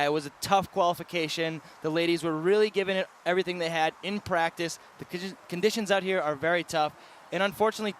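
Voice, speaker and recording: A man's voice: on the high side, a bit bright, slight background noise. A man giving expert co-commentary outdoors at a bike event, emphatic and repeating words for stress. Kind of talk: live sports commentary.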